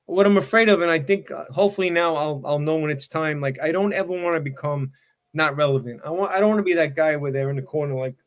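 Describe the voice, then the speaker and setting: Talking fast in a slightly high voice, a man in his sixties who retired as a fire battalion chief rambles comfortably through a casual podcast interview. He offers tips and stories, with plenty of "you know" and "man."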